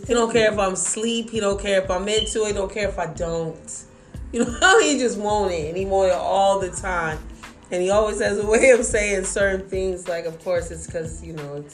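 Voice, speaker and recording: A woman's voice: medium pitch, normal speed, soft background music. A woman in casual group chat, speaking frankly and candidly about her private life. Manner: frank, candid, often laughing while confiding.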